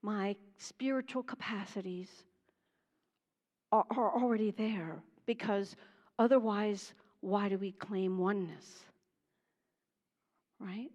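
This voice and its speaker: A woman minister from Pennsylvania giving an animated sermon, chatty and laughing, then dropping to hushed tones. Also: medium pitch, slow pace, pauses often, in a large hall. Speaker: guest minister. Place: church sanctuary.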